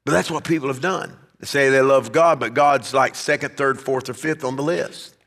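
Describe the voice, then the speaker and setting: A man's voice: medium pitch, moderate pace, a bit bright, big-room sound. A man preaching a sermon as pastor, swelling to emphatic peaks as he drives his points home. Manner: preaching, rising and emphatic at climaxes.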